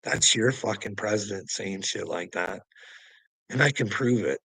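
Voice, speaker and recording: A man's voice: fairly low pitch, a little slow, bright, forceful tone, slightly rough, no echo, rough recording. A man from Canada, ranting profanely at his viewers about politics and laughing between points. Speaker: vlogger. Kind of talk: angry political rant to viewers.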